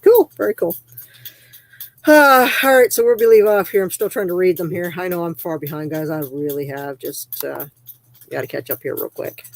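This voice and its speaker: A Canadian woman with a voice on the low side hosts a casual livestream at normal speed. She chats loosely, reads viewer comments aloud, and laughs easily.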